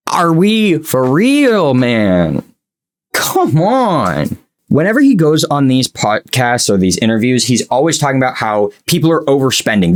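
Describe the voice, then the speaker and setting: Young man, YouTube commentator, exasperated, sarcastic rant. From United States. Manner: exasperated, sarcastic, swings between loud outbursts and low mutters. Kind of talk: ranting commentary.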